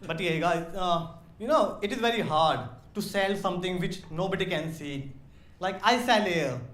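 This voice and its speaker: A man from India with an Indian accent, doing a slow, deadpan stand-up comedy set on a club stage. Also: high-pitched. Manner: slow, deadpan delivery with crude punchlines. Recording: roomy live club sound with audience.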